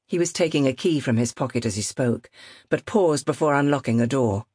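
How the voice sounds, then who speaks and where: A woman narrating a novel in a measured, expressive reading. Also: extremely low pitch, husky, no room sound, clean studio sound. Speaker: audiobook narrator. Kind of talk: scripted narration.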